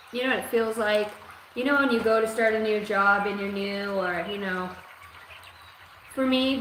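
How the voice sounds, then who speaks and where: Woman doing a live psychic reading, swears a lot, rambles, echoey room w/ steady hiss behind her. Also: medium pitch. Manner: rambling, profane, streetwise. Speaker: psychic reader. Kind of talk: live-streamed intuitive reading.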